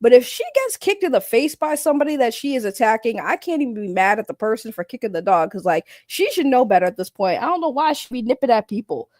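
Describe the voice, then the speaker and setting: A woman's voice: fairly high pitch, lively intonation, fast, hardly any pauses, a little mellow, no echo, clean studio sound. A woman hosting a livestream in casual, rambling chat. She is blunt and joking and swears freely as she greets her viewers. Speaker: livestream host.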